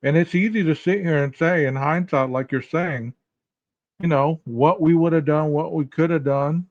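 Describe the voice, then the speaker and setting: A man talks through his podcast in a casual, rhetorical way, turning questions straight to his listeners. His voice sits a little high. The recording is dry and a bit dull, close to the mic. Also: unhurried, darkish tone, dry recording. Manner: rhetorical, addresses listeners directly. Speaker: podcast host.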